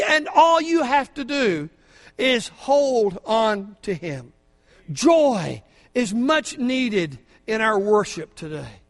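High-voiced older preacher, fervent. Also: male voice, very animated, slow pace. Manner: fervent, swings from quiet asides to shouting. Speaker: pastor. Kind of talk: sermon. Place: church sanctuary. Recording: long hall reverb from a church.

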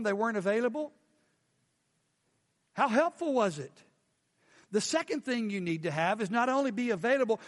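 A man preaching a sermon as pastor, animated and firing questions at the congregation. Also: high voice, long reverb tail.

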